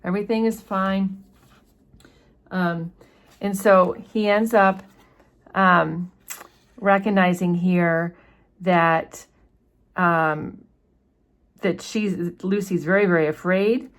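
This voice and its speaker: A woman teacher talking through a classic novel in a loose, chatty way, with many fillers and quick quoted lines from the characters. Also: fairly low pitch. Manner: briefly puts on plain character voices when quoting dialogue. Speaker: literature teacher. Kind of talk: casual book discussion.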